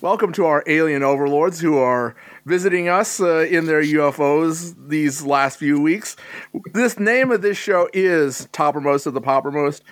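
A man hosting a podcast in a relaxed, joking way, putting questions to his co-hosts. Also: fairly high pitch, normal speed, faint music behind. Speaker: podcast host. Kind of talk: casual chat.

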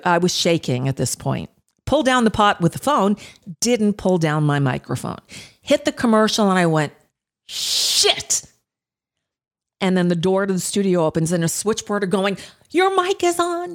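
A middle-aged woman radio talk show host telling stories in a casual, animated way, with plenty of ums and uhs. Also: on the low side, normal speed. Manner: conversational, animated anecdotes with frequent fillers. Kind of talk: casual storytelling monologue.

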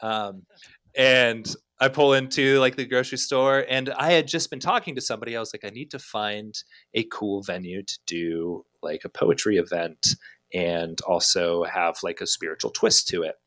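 Rambling, animated low-voiced man. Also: normal speed, dry recording, studio quality. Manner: rambling and animated, with many fillers and restarts. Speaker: podcast guest. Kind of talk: casual storytelling chat.

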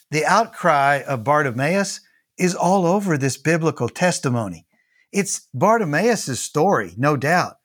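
Earnest Texan pastor preaching. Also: male voice, on the high side, a bit bright. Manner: earnest, repeats key phrases. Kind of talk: devotional sermon.

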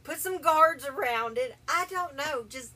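A woman's voice: high-pitched, a little slow, sharp tone, far from the mic. A woman co-hosting a podcast in casual chat, emotional and insistent, repeating herself. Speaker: podcast co-host.

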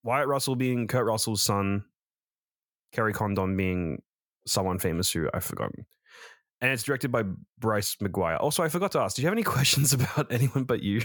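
A rambling man with a lowish voice talks films with a co-host. He trips over his own sentences and swears casually. The sound is close and dry. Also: lively intonation, brisk, a bit bright, no room sound. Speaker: podcast co-host, film reviewer. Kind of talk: casual review chat.

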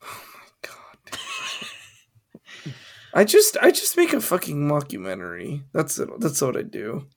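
A man's voice: a little high, huge pitch swings, unhurried, vocal fry, pauses often. A young man co-hosting a podcast, rambling and swearing casually as he riffs on ideas and laughs at his own jokes. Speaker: podcast co-host. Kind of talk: casual chat.

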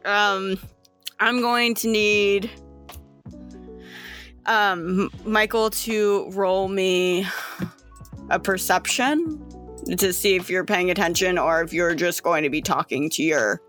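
Game master, female, mid-pitched, casual chatty narration over faint background music. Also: slow pace, pauses often, a bit bright. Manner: chatty, with many fillers and restarts.

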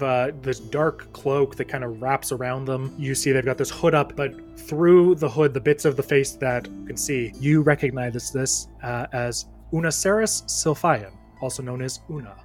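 A man at a middle, ordinary pitch narrates a tabletop game as dungeon master. He describes scenes at an easy pace, with plenty of "uh"s along the way. Faint guitar music plays behind him. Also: normal speed, hardly any pauses. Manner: relaxed, descriptive narration with frequent fillers.

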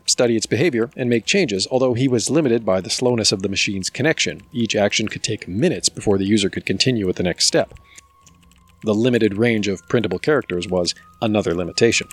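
A man narrates a book chapter for a podcast in steady, measured scripted narration. His voice sits at a middle pitch. Faint music plays softly behind him. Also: husky. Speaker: podcast host and book reader.

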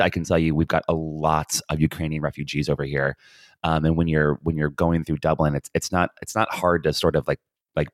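A podcast co-host who lives in Ireland chats casually and rambles, with lots of ums and restarts. His voice is extremely low, and the recording is dry and studio quality.

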